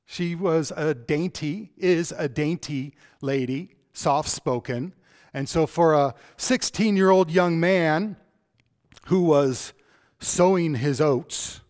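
A middle-aged man preaching a sermon, telling a personal story and swinging between loud emphasis and hushed, slow delivery. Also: mid-range voice.

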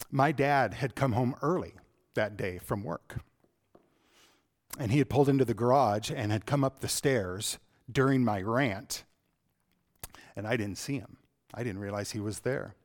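Man preaching, loud then hushed. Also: mid-range voice. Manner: swings between loud emphasis and hushed, slow delivery. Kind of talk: sermon with personal story.

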